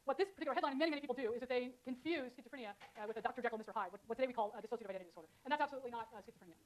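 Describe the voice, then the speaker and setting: Fast-talking woman lecturer. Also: fairly high pitch. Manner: fast, filler-heavy, conversational explaining. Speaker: university lecturer. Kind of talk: classroom lecture. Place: lecture hall.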